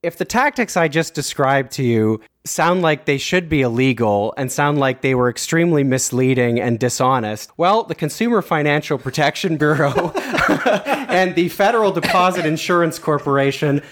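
A man's voice: a little high, expressive, moderate pace, a bit bright. A man from Canada hosting a podcast, telling a story in a wry, chatty way and laughing at himself. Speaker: podcast host. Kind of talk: casual storytelling.

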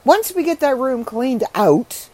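A middle-aged woman podcaster in casual solo chat, chatty and frank, her voice rough and congested from allergies. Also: high-pitched, sing-song, takes it slowly, mellow, no echo, low-quality recording.

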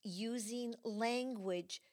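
A middle-aged woman from Michigan hosting a casual chat, animated and telling stories with acted-out quotes. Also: on the high side, very slow. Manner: animated storyteller, acts out quotes. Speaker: host.

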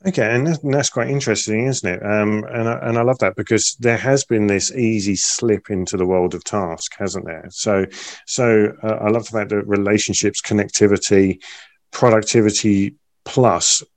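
A man's voice: on the low side, fairly even intonation, moderate pace, no echo. A man interviewing a guest, talking casually and often repeating words as he stumbles. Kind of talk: conversational interview.

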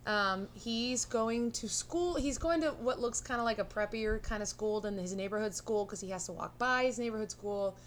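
A woman's voice: mid-range voice, normal speed, hardly any pauses, a little hiss or hum. A woman co-hosting a casual film review podcast, playful and jokey with frequent giggles. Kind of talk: casual chat.

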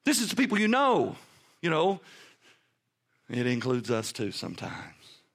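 A man preaching a sermon as pastor, emphatic, dropping low and then rising loud. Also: wildly swooping pitch, a little slow, creaky. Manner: preaching with emphatic, swinging pitch and volume.

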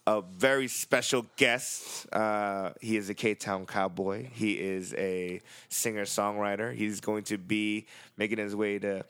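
Smooth-voiced, low-pitched male host. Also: steady tone, measured pace, hardly any pauses, a bit bright. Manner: laid-back storyteller, swears casually. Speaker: podcast host. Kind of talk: casual chat.

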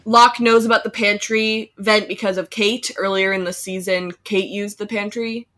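A woman's voice: medium pitch, steady tone, normal speed, fairly bright tone, soft background music. A woman hosting a podcast, chatty, recapping a show in casual chat. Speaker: podcast host.

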